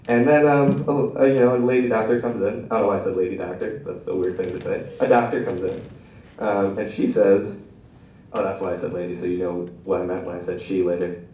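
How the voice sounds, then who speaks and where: A man's voice: fairly low pitch, a little mellow, a little hiss or hum. A young man telling a rambling, self-deprecating stand-up story at an open mic, often laughing at his own jokes. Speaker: stand-up comedian. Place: small room at an open mic. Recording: echoey room from a distant mic.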